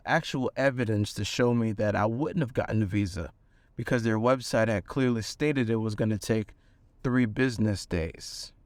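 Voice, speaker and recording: A young man earnestly telling a personal story, with fillers and animated bursts. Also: mid-range voice, clear, resonant tone, no room sound. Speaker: manifestation coach.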